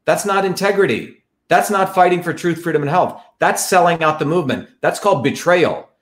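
A man from India gives a fiery political monologue as the host of his show. He hammers his points home by repeating them, rallying his listeners. His voice sits somewhat high for a man. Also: brisk. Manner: emphatic, repetitive, rallying.

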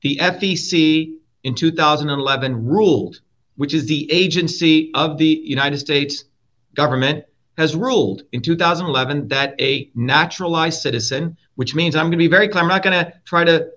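A man from India, a guest in a heated interview, talking bluntly and forcefully, swearing and repeating his points. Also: on the high side, normal speed. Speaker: guest, presidential candidate. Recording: dull lo-fi audio.

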